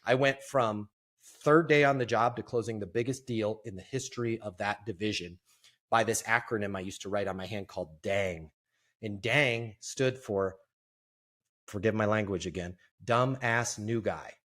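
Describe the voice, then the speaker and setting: A middle-aged man and sales trainer telling a lively, self-deprecating story as a guest in an interview. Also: fairly low pitch, moderate pace.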